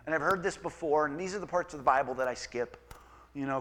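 A man preaching a sermon as pastor, conversational and emphatic, with quick asides. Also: a little high, fairly bright tone.

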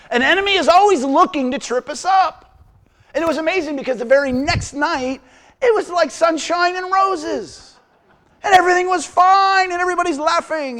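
A middle-aged pastor delivers a sermon with a high, lively voice that leaps across a wide range. He tells stories with humor and breaks into acted-out quotes. The delivery stays warm in its storytelling but keeps a clear point.

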